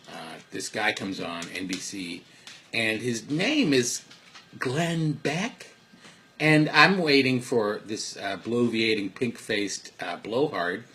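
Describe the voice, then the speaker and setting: Gravelly low-voiced man, earnest ramble. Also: fairly bright tone, a little hiss or hum. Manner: earnest, rambling, many restarts. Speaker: parent sharing advice. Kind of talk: casual spoken monologue. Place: at home. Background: dogs and household sounds faintly.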